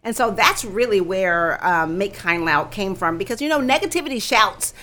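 A woman guest on a talk show, telling her story in an animated, expressive way and laughing easily. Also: mid-range voice, normal speed. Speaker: guest, founder of a kindness campaign.

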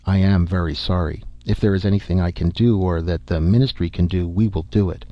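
A man voicing a weary, grizzled older diplomat who speaks in a measured, grave way, on a dull, dry recording. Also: deep voice, fairly even intonation, dry recording, lightly acted.

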